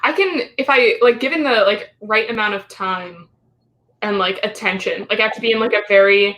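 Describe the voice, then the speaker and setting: A young woman in her twenties, a guest in a casual chat, talking haltingly as she searches for her words. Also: mid-range voice, a bit bright. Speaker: guest, college friend.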